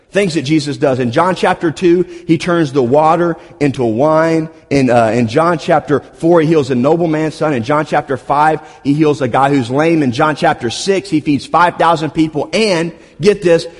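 A man's voice: fairly high pitch, slightly rough. A man preaching a sermon, retelling scenes with playful asides and humor. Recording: long hall reverb.

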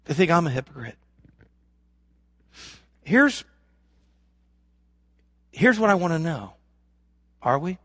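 A man preaching a sermon as pastor, swinging from loud emphasis to hushed lows and acting out imagined prayers. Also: very animated, slow pace, long pauses, no room sound, clean studio sound. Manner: acts out imagined prayers and voices of the congregation.

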